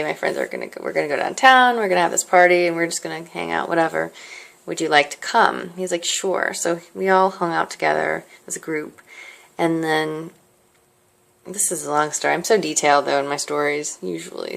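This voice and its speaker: A woman's voice: low-pitched, creaky, a bit bright. A young woman casually telling a long personal story to the camera, chatty and rambling, with lots of fillers and asides. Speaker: vlogger. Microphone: handheld device held close.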